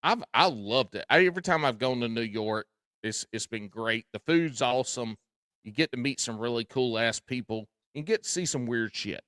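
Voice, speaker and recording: A man with a Southern drawl hosting a podcast, chatting casually and telling animated stories with plenty of swearing. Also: mid-range voice, normal speed, no echo, studio quality. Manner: animated, swears freely, storytelling. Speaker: podcast host. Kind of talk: casual chat.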